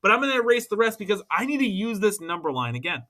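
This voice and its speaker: A man's voice: high voice, sing-song, fast, sharp tone. A man teaching a math lesson, upbeat and chatty, checking in with students as he works through problems. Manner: upbeat, talks to students, checks with "all right?".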